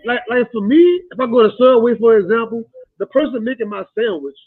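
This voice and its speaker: A man's voice: extremely high pitch, animated, a little fast, no room sound, phone-quality sound. A man hosting a casual live talk show, emphatic and colloquial, laughing often. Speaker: podcast host. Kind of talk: casual conversation.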